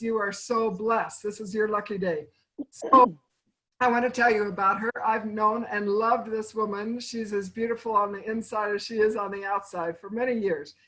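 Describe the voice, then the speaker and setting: A woman hosting a webinar over a video call, warmly and effusively introducing her guest. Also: mid-range voice, low-quality recording. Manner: effusive, affectionate. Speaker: webinar host.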